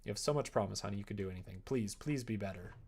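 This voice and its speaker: A man's voice: lowish voice, rapid-fire, darkish tone, slightly rough. A man reading the lines of a tired, worried middle-aged mother in a game, weary and pleading.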